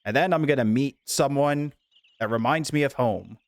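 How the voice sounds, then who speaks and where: A man streaming a game, chatting casually with viewers in an animated, giggly way. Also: medium pitch, moderate pace, dry recording.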